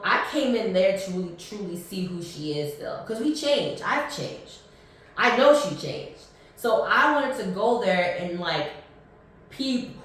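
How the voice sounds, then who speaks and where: A woman in her thirties hosting a podcast, telling a personal story in a casual, animated way and acting out both sides of the dialogue. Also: medium pitch, very echoey, distant mic. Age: 30s. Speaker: podcast host.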